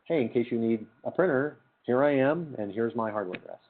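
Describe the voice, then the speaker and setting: A man's voice: mid-range voice, expressive, fairly quick, a little hiss or hum, close to an everyday voice. A man voicing a friendly office printer that announces itself to the network in an offhand way. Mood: chirpy. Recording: tinny lo-fi lecture capture.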